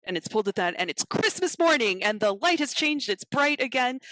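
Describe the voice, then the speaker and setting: A woman's voice: on the high side, fairly quick, dry recording. A woman chatting casually on a podcast, retelling a film scene by scene and acting out the lines as she goes. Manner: animated storyteller who acts out quotes.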